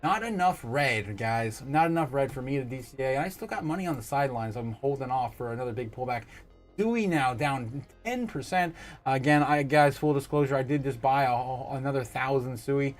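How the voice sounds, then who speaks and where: A man hosting a casual livestream, chatting and reading viewer comments aloud in an excitable, laughing way. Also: mid-range voice, faint music behind. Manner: chatty and excitable, quick laughs and bursts of loudness. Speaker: livestream host.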